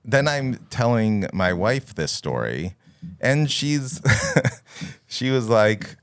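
A man telling a story in casual podcast chat, animated and laughing as he goes. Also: lowish voice, slow pace, clean tone, no room sound, clean studio sound. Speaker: podcast producer.

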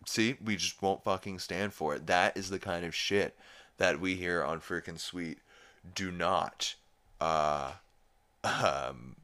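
A man's voice: low-pitched, slow, bright, forceful tone. A man hosting a podcast, recapping a cartoon episode in a rambling, profane, laid-back way. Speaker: podcast host.

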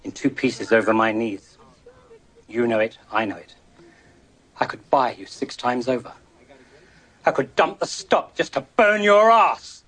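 A man's voice: measured pace, long pauses, fairly bright tone. An actor playing a proud wealthy businessman who makes cold, clipped threats in a film scene. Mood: menacing. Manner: clipped, menacing, low-key threats. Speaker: rival tycoon in a film scene.

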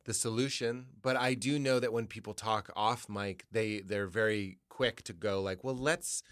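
A comedian in an interview, thinking aloud, swearing casually, and jumping into loud high voices when he quotes people. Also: steady tone, normal speed, clear, resonant tone, no room sound, clean studio sound. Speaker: comedian guest. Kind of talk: candid interview conversation.

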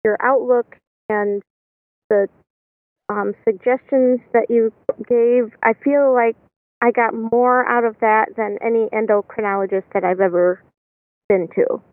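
A woman's voice: fairly high pitch, fairly even intonation, unhurried, no echo. A woman guest on a podcast, talking hesitantly with many ums over a phone line. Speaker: guest caller. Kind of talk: casual interview chat. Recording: tinny dry phone line.

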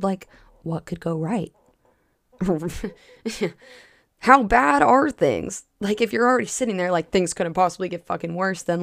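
A woman's voice: medium pitch, vocal fry, no room sound. A young woman hosting a solo podcast as a spiritual coach, talking in a casual, passionate way with lots of filler words and cussing.

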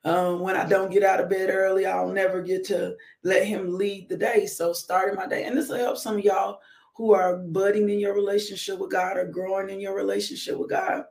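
A woman leading a live-streamed morning devotional, speaking warmly to her viewers and breaking into whoops and laughter. Her voice has a gravelly, creaky texture at mid pitch. The sound is roomy and echoey. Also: little pitch movement, a little fast. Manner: conversational preaching, addresses viewers directly. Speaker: devotional host.

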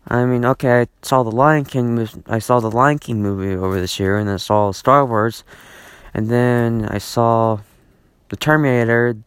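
A man talking alone into a close mic at home, in a dry, dead room, his voice at an ordinary middle pitch. He rambles through a solo podcast, circling back and repeating himself. He sounds exasperated, with plenty of fillers and false starts. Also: fairly even intonation, normal speed, clean tone, no echo. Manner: repetitive and exasperated, many restarts and fillers. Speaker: podcast host.

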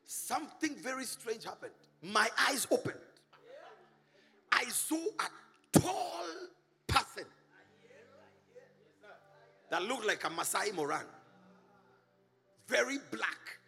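A middle-aged Kenyan pastor preaches a sermon with animated energy, mixing singsong shouts with laughing asides to the congregation. His voice sits high, and he's in a large hall.

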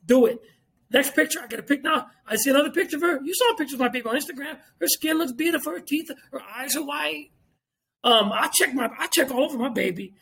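A man's voice: very high voice, fast, creaky, pushed and bright, a little hiss or hum. A man, talking as a podcast guest in casual chat, emphatic, repeating himself and swearing freely.

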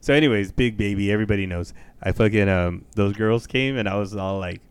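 A man co-hosting a casual podcast, telling profane, animated stories and acting out the voices of the people in them. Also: lowish voice, a little fast, clean tone. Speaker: podcast co-host. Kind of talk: casual storytelling chat.

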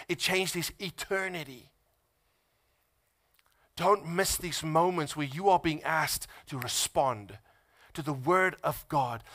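A pastor's sermon from a man with a somewhat high voice. He leans in softly and intimately, then builds to loud, impassioned preaching, swinging widely in pitch and volume.

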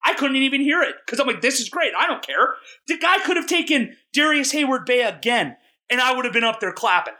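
A young man co-hosting a podcast, telling a long rambling story in a self-mocking, excitable way. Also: extremely high pitch, fast. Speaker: podcast co-host. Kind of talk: casual storytelling chat.

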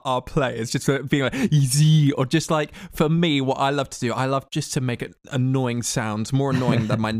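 A young British man co-hosting a casual gaming podcast, excitable and cheeky, laughing often. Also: mid-range voice, dry recording, clean studio sound. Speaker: podcast co-host.

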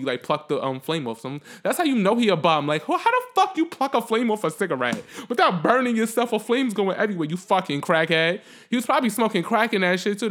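A man telling a story in a casual vlog rant, profane and animated, swinging from loud outbursts to quiet reflection. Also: sits high.

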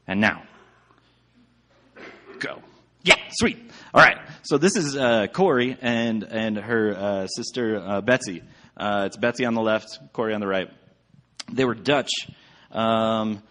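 A man's voice: fairly low pitch, fairly bright tone. A man giving a casual sermon with slides, chatty and rambling, with many fillers. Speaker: church speaker.

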